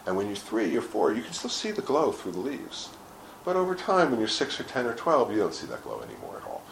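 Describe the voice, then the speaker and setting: Deep gravelly man, lively storytelling. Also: fairly quick. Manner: animated storyteller, acts out quotes, swears casually. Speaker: interview guest. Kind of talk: casual explanatory talk. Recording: echoey room with faint noise.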